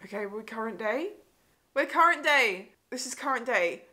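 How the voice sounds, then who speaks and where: A woman's voice: on the high side, expressive, moderate pace, bright, forceful tone. A woman hosting a movie reaction, talking emotionally and exclaiming over what she sees. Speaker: host. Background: film audio and music.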